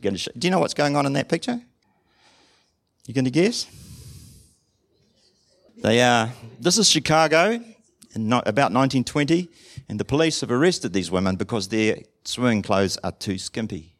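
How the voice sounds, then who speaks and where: A man's voice: mid-range voice, lively intonation, normal speed, long pauses, a bit bright. A man preaching a sermon in a conversational way, asking the congregation questions and acting out short dialogues. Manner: acts out short dialogues in different voices. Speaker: pastor.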